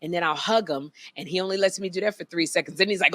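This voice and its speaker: A middle-aged American woman co-hosting a podcast, chatting casually and acting out family stories with loud, animated quoted voices. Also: fairly low pitch, quick pace. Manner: animated storyteller, acts out quotes loudly. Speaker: podcast co-host. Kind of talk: casual comedic chat.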